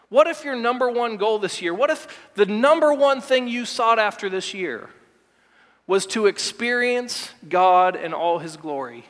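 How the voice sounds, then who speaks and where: High-voiced emphatic male pastor preaching. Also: animated. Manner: emphatic, repeats words, shifts from fast asides to slow stressed lines. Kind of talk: sermon. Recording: long hall reverb.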